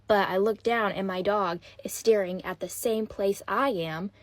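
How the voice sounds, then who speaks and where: A woman chattily telling ghost stories about her old house in a lively, conversational way. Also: mid-range voice, a little slow, no echo. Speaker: storyteller. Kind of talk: casual storytime.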